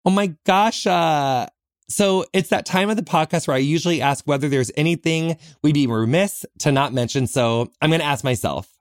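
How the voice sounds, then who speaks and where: A man's voice: on the high side, normal speed, no room sound, studio quality. Earnest man hosting a podcast from a closet. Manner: earnest, reflective, often says "like". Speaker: podcast host. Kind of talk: heartfelt solo podcast talk. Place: small closet.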